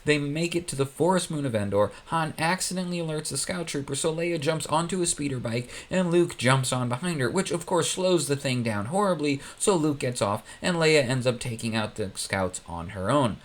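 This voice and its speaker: A man narrating a comedic parody story, deadpan and playful with quick asides. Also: fairly high pitch.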